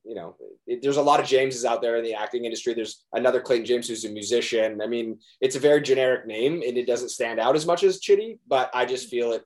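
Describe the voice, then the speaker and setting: A man's voice: medium pitch, fast, a little mellow. A young man, an actor being interviewed, talking earnestly in a rambling way with many restarts. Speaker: actor guest. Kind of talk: casual interview chat.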